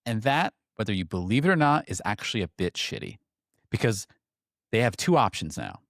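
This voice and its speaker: A low-voiced man co-hosts a podcast and cuts in with earnest, animated points. He is recorded close and dry. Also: brisk, no echo. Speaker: podcast co-host. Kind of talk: casual discussion.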